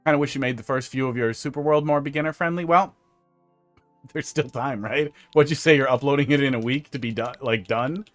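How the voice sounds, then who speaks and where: A man with a mid-range voice speaks fairly quickly over soft background music while streaming a level-building game. He chats, jokes, and rambles casually as he plays, now and then humming to himself.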